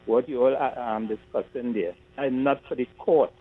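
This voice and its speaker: A man calling a radio show, speaking in a measured, cautionary way with some hesitation. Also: mid-range voice, steady tone. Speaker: caller. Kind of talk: call-in warning. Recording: tinny phone line with mains hum.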